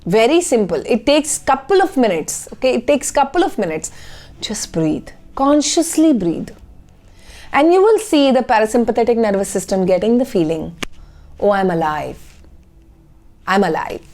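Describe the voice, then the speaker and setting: A woman's voice: fairly high pitch, big pitch swings, normal speed, a little mellow. A woman, speaking as a life coach in a motivational talk to camera and checking in often with "okay?".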